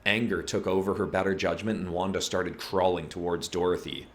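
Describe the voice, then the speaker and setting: A man narrating a horror story in a low, steady storytelling delivery. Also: a little fast, a little hiss or hum.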